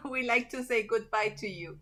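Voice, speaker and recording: A woman moderating an online class on a video call, thanking the teacher in a warm, slightly hesitant way. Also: fairly high pitch, measured pace. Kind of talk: casual thanks and farewell.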